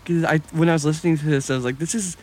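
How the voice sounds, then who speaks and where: A young man co-hosting a podcast, enthusiastic and profane in quick casual banter. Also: a little high, steady tone, darkish tone, a little hiss or hum. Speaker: podcast co-host. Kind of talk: casual chat.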